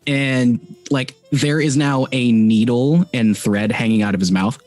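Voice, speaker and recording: A man's voice: medium pitch, unhurried, a little mellow, soft background music. A man narrating as game master of a tabletop game, rambling with many restarts and fillers.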